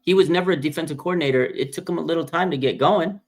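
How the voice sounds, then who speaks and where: A man's voice: fairly high pitch, very fast. A man co-hosting a casual sports talk show, pushing his view bluntly and insistently at his co-host. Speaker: podcast co-host.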